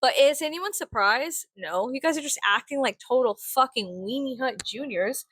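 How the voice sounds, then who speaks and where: A woman in her thirties venting in a casual vlog, blunt, profane and sarcastic, swinging into sudden high laughs. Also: animated, moderate pace, fairly bright tone, breathy edge. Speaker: vlogger.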